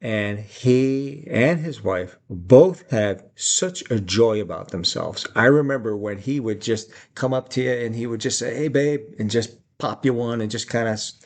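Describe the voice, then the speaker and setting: A man's voice: lowish voice, vocal fry. A middle-aged man giving life advice in a reflective, storytelling way, laughing often and acting out quotes. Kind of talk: reflective personal talk.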